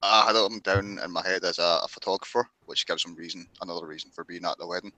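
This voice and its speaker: A man's voice: low voice, steady tone, quick pace, sharp tone, no room sound, low-quality recording. A man playing a tabletop game, talking casually and a bit unsure of himself. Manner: unsure, hesitant, laughs it off. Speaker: player.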